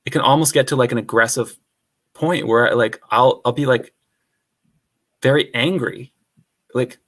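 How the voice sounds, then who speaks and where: A man's voice: mid-range voice, measured pace, long pauses, fairly bright tone. A man speaking as a podcast guest, rambling openly about his feelings, full of "like" and casual swearing. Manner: rambling, heavy use of "like", frank and swears casually. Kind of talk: casual conversational podcast chat.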